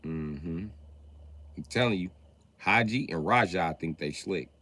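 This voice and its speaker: A man's voice: animated, unhurried, bright, forceful tone. A man doing a profane, mocking stand-up rant on a live stream. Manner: profane, mocking, jumps in pitch. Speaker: comedian streamer.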